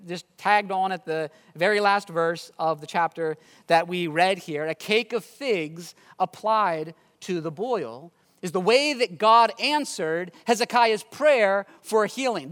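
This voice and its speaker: High-voiced pastor preaching in a reverberant church. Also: male voice. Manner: earnest preaching, swells loud on exhortations. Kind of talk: sermon. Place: church sanctuary.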